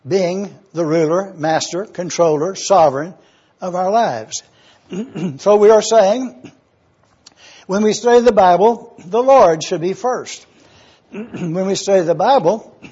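A man preaching a teaching sermon, slow and deliberate, repeating key words and often clearing his throat. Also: high-pitched, warm tone. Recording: dull lo-fi recording.

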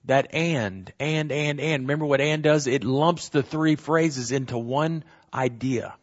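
A man leads a verse-by-verse Bible study in an earnest, emphatic way. He stresses and repeats key phrases and corrects himself as he goes. His voice sits at a middle pitch, and the recording sounds slightly dull. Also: measured pace. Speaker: Bible teacher.

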